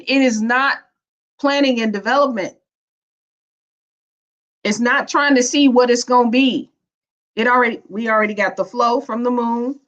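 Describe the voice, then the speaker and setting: A woman, giving a spiritual teaching talk in a playful, preachy, colloquial way. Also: on the high side. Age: 50s. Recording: dull lo-fi recording.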